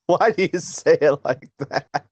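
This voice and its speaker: A man's voice: fairly high pitch, takes it slowly, darkish tone, slight background noise. A man co-hosting a casual chat podcast. He rambles, mocks himself and laughs easily. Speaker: podcast co-host.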